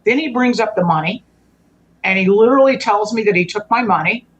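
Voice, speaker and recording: A woman's voice: medium pitch, low-quality recording. A woman speaking as a guest, telling a personal story in a conversational way. Her sentences halt, break off and restart as she works through what happened, and she often leaves a thought hanging before picking it up again. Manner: halting, with frequent restarts and trailing phrases.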